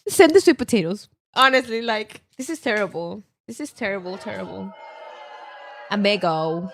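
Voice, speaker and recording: A woman's voice: medium pitch, animated, brisk, gravelly, soft background music. A woman in casual chat with a friend, teasing, blunt, swearing freely and laughing often.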